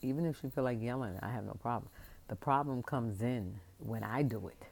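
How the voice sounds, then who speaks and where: A woman's voice: very deep voice, fairly quick, creaky, darkish tone. A woman venting at length to her camera, her voice rising and pressing hard on each point as she rambles on. Her speech is passionate and emphatic, with the loose, unscripted flow of a casual vlog rant.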